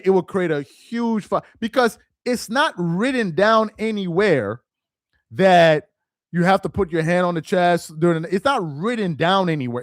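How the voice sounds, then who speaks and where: High-voiced man riffing casually on a live stream. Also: dry recording, studio quality. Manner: loose, slangy, repeats himself for emphasis.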